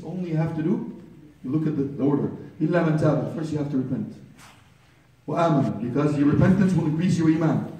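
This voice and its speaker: A man with a slightly high, warm voice preaches a sermon very fast, asking fervent rhetorical questions. He recites Arabic scripture, translates it, and calls listeners brother. The room is very echoey and he's far from the mic.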